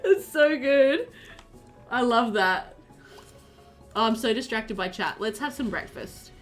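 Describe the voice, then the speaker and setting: A woman's voice: fairly high pitch, a little slow, fairly bright tone, soft background music. A woman with an Australian accent, live-streaming a game at home and chatting in a rambling way, full of fillers. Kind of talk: casual chat while live-streaming a game.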